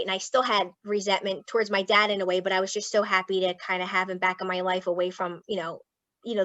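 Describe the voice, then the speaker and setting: A woman with a Philadelphia accent tells her family story in a frank, casual way, and her voice is on the higher side. She sounds close to the mic and dry, but dull, as over a video call. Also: fairly bright tone, no echo. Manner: emotional, tearful at times, frank and casual. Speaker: guest speaker, clinical psychologist. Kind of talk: candid personal storytelling.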